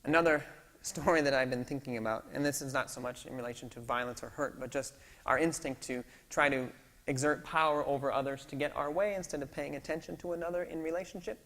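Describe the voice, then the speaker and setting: A man pastor telling stories in a sermon, lively and acting out the dialogue. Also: medium pitch. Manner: storytelling, animated, acts out dialogue. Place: church sanctuary. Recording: long hall reverb in a church.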